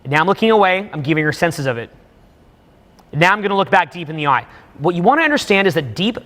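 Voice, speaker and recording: A man's voice: high voice, pushed and bright, big-room sound. A man in his thirties giving emphatic, profane live commentary on video footage for a class of students. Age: 30s. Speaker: dating coach.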